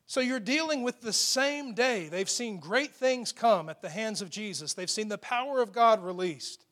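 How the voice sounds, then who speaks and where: Male pastor, high-pitched voice, emphatic sermon delivery with hushed quoted lines. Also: lively intonation, normal speed, hardly any pauses. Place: church with a loud PA system.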